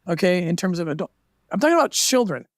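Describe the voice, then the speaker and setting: Fast, impassioned man on a clip. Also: high voice, sing-song, no echo, studio quality. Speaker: interview guest. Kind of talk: TV interview.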